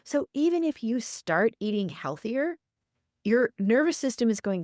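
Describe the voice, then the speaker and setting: A woman's voice: on the high side, big pitch swings, a little slow, a little mellow, dry recording, studio quality. A woman hosting a tarot forecast podcast, talking through the cards with repeated encouraging affirmations. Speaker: tarot reader and podcast host.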